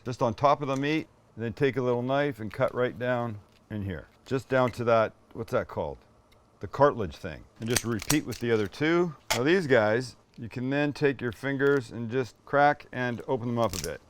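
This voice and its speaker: Older man hosting a joking cooking show. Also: mid-range voice. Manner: joking, self-deprecating, rambling asides. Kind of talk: casual cooking demo chat.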